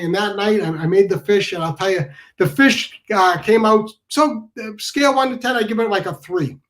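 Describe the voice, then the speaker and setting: A man tells a casual, comic anecdote. His voice sits a little higher than most men's, and he rambles through it with restarts, asides and self-corrections. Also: poor audio. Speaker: storyteller.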